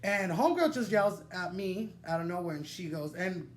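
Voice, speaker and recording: A young man telling a wild personal story to the camera, animated and dramatic, swearing freely and laughing through his digressions. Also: high-pitched, normal speed, noisy background. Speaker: vlogger. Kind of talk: storytime vlog, casual and profane.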